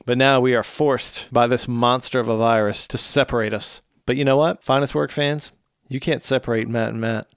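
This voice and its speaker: A man's voice: mid-range voice, steady tone, moderate pace, clear, resonant tone, dry recording, studio quality. A man hosting a podcast in casual chat. He teases his co-host playfully and asks him questions. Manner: playful teasing, interviewing.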